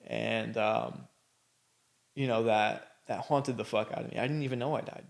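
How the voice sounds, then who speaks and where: A man with a gravelly, creaky voice hosts a podcast and tells his own story. He talks bluntly and casually, drifting through fillers and swearing freely. His voice sits at an ordinary middle pitch. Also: little pitch movement, moderate pace. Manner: candid and blunt, with frequent swearing; loose, rambling delivery full of fillers. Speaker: podcast host. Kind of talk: personal storytelling.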